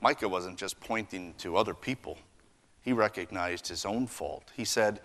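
A man preaching a sermon, earnest, swinging between raised emphasis and hushed lines. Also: low-pitched, normal speed. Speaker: pastor.

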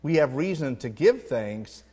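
A man's voice: medium pitch, very animated, unhurried, a little mellow, slightly rough, in a large hall. A man preaching a sermon with earnest emphasis, telling a story to make his point. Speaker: pastor.

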